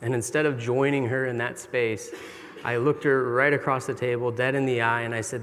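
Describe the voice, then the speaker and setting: A man's voice: medium pitch, flat delivery, moderate pace, fairly bright tone. Earnest male preacher in a reverberant hall. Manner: earnest, confessional, conversational preaching. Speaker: pastor. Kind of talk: sermon. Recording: long reverb of a large hall.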